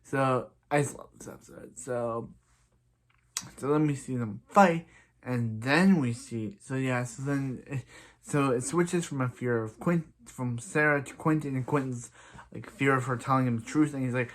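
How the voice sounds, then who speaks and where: A man talks through a TV episode in a loose, rambling recap, restarting his sentences and leaning on filler words. His voice sits at an ordinary middle pitch for a man. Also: moderate pace. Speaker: TV episode reviewer.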